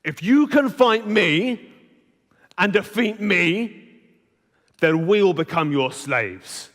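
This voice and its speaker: Guy doing a giant warrior voice, booming and slow, taunting, echoey hall. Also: expressive, a bit bright, heavily acted.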